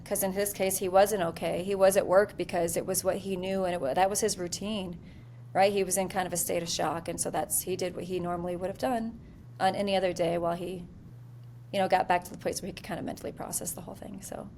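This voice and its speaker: A woman in her forties, an interview guest who is a military leader, telling a candid story in a lively, self-deprecating way with many fillers. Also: on the low side, a little fast, a little hiss or hum.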